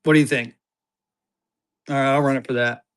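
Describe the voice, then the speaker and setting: A live online auction seller doing fast sales patter, repeating phrases and getting excitable as bids come in. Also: smooth. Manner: excitable, voice jumps high when bidding heats up; rapid hype with repeated phrases.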